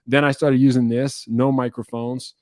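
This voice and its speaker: Guy at his computer answering viewer questions, rambly and wry, coughs sometimes, mid pitch, dry sound. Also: level tone, moderate pace, a little mellow, no echo. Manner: rambling, self-interrupting, wry. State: coughing now and then. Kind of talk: casual rambling Q&A to camera. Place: indoor room at his computer. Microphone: computer webcam setup.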